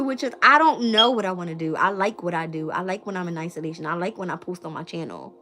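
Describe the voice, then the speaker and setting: A woman's voice: medium pitch, a little fast, a bit bright. Blunt, laughing woman streamer. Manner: blunt and profane, laughing often. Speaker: tarot reader and channel host. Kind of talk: casual live-stream chat.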